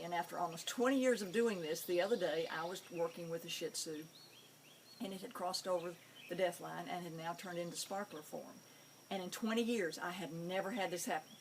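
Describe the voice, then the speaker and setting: Animated woman telling pet stories. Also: on the low side, slight background noise. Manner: animated, amused storytelling. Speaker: pet psychic show host. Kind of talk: storytelling monologue.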